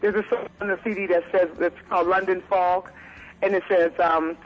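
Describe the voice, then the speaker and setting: A middle-aged woman, a gospel singer and guest on a radio interview, talking in a chatty, animated way and laughing often. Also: on the low side, brisk, lo-fi sound.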